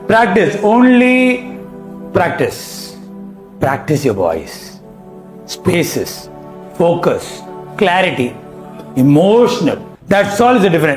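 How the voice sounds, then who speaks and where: A man's voice: high voice, roomy sound. A man with an Indian English accent teaching a hypnosis class, talking emphatically and quizzing his students with questions. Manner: emphatic, rhetorical questions, mixes in Hindi. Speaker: hypnosis coach. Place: training hall with a live class.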